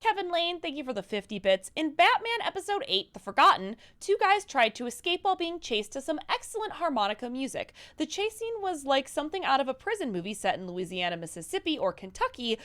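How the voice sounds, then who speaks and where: A woman's voice: sits high, brisk, few pauses. A woman co-hosting a casual livestream chat, reading out viewer messages and questions. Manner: lively, reads donor messages.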